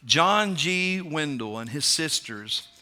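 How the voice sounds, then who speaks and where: Bright-voiced Kentucky man preaching. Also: fairly high pitch, expressive, slow pace. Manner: conversational, plain-spoken with fillers and restarts. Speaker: pastor. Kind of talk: sermon. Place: church sanctuary.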